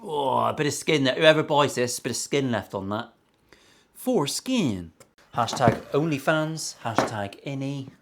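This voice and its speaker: A man's voice: mid-range voice, animated, a little slow, fairly bright tone, slight background noise. A man, a luthier chatting casually and sarcastically while building a guitar in his workshop, swearing freely.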